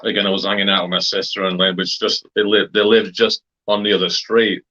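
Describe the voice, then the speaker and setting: Man from wakefield, lowish voice, bright, rambling storyteller, muffled lo-fi sound. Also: flat delivery, a little fast. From Wakefield, England. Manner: rambling, hesitant, many fillers. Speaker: interviewee. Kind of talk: casual storytelling.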